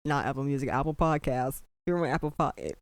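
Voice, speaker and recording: Speaking quickly at a medium pitch with no echo, a man rants on his casual podcast. He's emphatic and exasperated, repeats himself, and says "like" and "bro" constantly.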